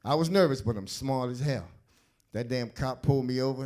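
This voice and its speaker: A man doing stand-up comedy on a club stage, telling stories in an animated, streetwise way. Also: mid-range voice, fairly quick. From South Bronx, New York.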